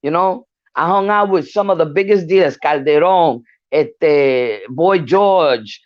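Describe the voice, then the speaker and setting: An older woman from New York, appearing as a guest speaker in a casual discussion, tells stories frankly and swears freely. Her voice is low and her pace slow, in a muffled, lo-fi, dry recording.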